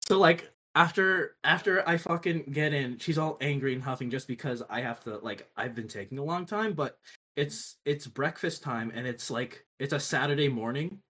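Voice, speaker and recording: A young man in casual chat, telling animated, profane workplace stories and laughing often. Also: mid-range voice, moderate pace. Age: young adult.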